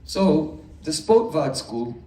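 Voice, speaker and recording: A man with a high, mellow voice teaches philosophy to a gathering, explaining each point slowly and asking the room rhetorical questions. He sits some way from the mic, and the room gives his words a roomy echo. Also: very animated. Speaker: spiritual teacher. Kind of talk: philosophy lecture. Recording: echoey room, mic far off.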